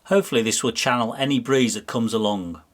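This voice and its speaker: A British man with a mid-range voice talks quickly while vlogging his van trip, chatting and doing voice-over outdoors in a French town. His speech is casual, full of fillers and restarts, and the outdoor sound is noisy.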